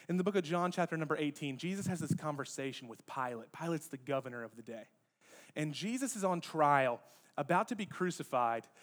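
A man preaching a conversational sermon as a pastor, lively and addressing the congregation directly with joking asides. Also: sits high. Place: church sanctuary.

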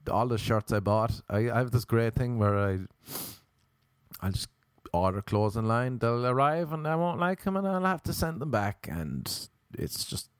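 A man's voice: fairly low pitch, no room sound, clean studio sound. A hungover man with an Irish accent, hosting a podcast in a rambling, self-mocking comedic monologue. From Ireland. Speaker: podcast host. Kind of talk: rambling comedic monologue, reading a joke erotic poem.

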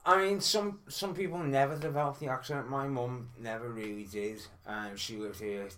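A man with a mild Liverpool accent talks in a casual film podcast chat. He speaks hesitantly, fills pauses with ums, and sounds earnest. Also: medium pitch, steady tone, a bit bright, a little hiss or hum. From Liverpool, England. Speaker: podcast co-host.

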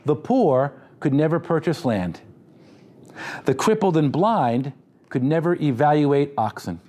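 A man's voice: fairly high pitch, lively intonation, measured pace, a little mellow. A man preaching a sermon in a conversational, humorous style, with asides to the congregation. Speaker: pastor.

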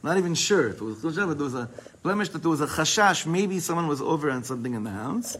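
A man's voice: fairly high pitch, sing-song, very fast, few pauses, fairly bright tone, slightly rough. A man teaching a Torah class as a rabbi, speaking emphatically and mixing Hebrew terms into his English.

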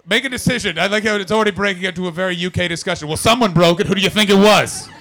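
A man from Canada doing brash, profane stand-up crowd work, often jumping into loud shouted voices. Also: high voice, rapid-fire. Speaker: stand-up comedian. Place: comedy club with audience.

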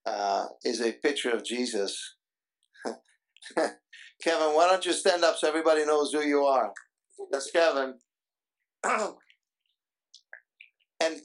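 A man pastoring a church service, talking in a halting way with many fillers. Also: medium pitch, a bit bright. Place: church before a congregation.

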